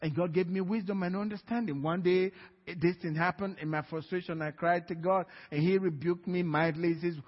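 Male preacher, storytelling sermon delivery with quiet-to-loud swings, husky tone, dull lo-fi sound. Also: high voice, brisk. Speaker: guest preacher. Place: church sanctuary. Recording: dull, reverberant church hall.

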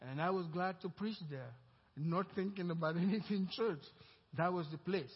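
High-voiced man preaching in a reverberant hall. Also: moderate pace, slightly rough. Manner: builds to loud emphatic preaching with call-and-response. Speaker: pastor. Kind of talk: sermon. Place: church. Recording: reverberant church hall, dull lo-fi sound.

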